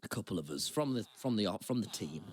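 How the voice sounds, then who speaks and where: Lively young man telling a story. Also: lowish voice, brisk. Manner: animated, self-deprecating, rambling with restarts. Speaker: podcast co-host. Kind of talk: casual anecdotal storytelling. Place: Brighton.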